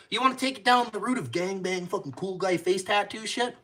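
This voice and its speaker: A man hosting a live stream, talking bluntly and with heavy swearing, jumping from loud outbursts to low muttered asides. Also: lively intonation, a little fast, few pauses. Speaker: YouTube channel host. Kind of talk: profane live-stream rant.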